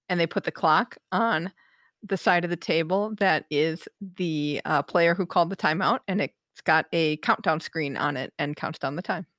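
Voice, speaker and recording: A woman's voice: fairly low pitch, a bit bright, dry recording, studio quality. A woman co-hosting a podcast, chatting casually and laughing easily with her co-host. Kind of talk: casual chat.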